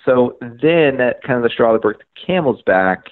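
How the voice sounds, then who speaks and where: A man telling his story as a podcast guest, animated, acting out conversations and using lots of "like" and "um". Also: mid-range voice, normal speed, narrow, tinny audio. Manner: frequent fillers like "like" and "um". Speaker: podcast guest, media outlet founder.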